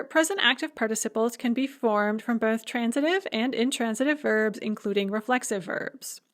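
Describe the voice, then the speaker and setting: A woman giving a recorded grammar lecture, explaining step by step and slowing down to spell out examples. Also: fairly high pitch, fairly bright tone. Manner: clear, methodical explaining with slow spelled-out examples. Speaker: language lecturer.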